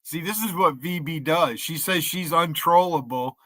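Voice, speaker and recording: A man's voice: a little high, normal speed, bright, forceful tone, dry recording. A man in his fifties from the United States, ranting profanely on a live stream and taunting rivals to come on. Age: 50s. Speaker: livestreamer.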